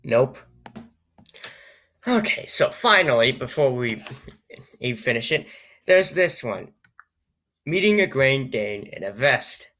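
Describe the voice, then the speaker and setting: A man's voice: medium pitch, sing-song, slow pace, long pauses, sharp tone. A young man hosting a comedy reading, stumbling over odd lines and reacting with disbelief. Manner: incredulous, stumbling over bizarre text. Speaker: YouTuber.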